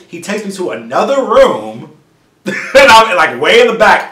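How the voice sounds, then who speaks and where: Fast-talking young man in an echoey room. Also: on the high side. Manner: fast, animated, swearing, stumbles over words. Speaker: vlogger. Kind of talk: casual storytelling to camera.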